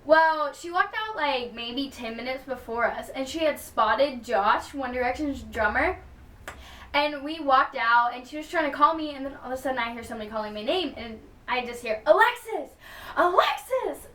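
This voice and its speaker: High-voiced gushing young woman vlogger. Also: normal speed. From Texas. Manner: gushing, excited fan storytelling with many "like" and "um" fillers. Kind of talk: casual storytime vlog. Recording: roomy sound with the mic at a distance.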